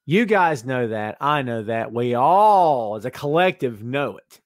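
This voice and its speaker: A man's voice: mid-range voice, moderate pace, few pauses, no echo, clean studio sound. A man hosting a podcast in a casual live-stream chat, reading viewer comments aloud and joking straight to the chat. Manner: excitable, jokey, talks straight to the chat. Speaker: podcast host.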